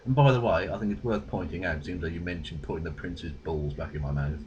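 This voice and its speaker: A man's voice: low-pitched, a little fast, highs cut off, background noise. A man with a British accent giving dry, sarcastic, profane rebuttals. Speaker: video creator responding. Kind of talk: rebuttal commentary.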